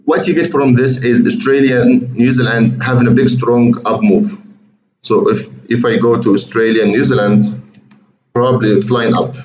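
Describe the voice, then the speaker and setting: A man's voice: medium pitch, fairly even intonation, moderate pace, a little mellow. A man walking viewers through trading charts in a chatty, repetitive way, often calling them guys. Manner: conversational, repeats words, addresses viewers as guys. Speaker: trading educator. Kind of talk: screen-share chart walkthrough. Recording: roomy, muffled, faint hiss.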